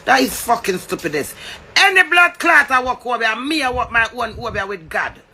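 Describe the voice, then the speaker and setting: Jamaican guy going off in a rant, real gravelly voice, bright and kinda high. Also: animated, moderate pace. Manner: confrontational, swearing, preachy. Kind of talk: heated rant.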